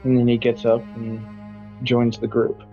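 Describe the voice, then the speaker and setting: A man playing a tabletop game, quietly narrating his character's actions. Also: medium pitch, completely flat delivery, a little slow, highs cut off, faint music behind. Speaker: player.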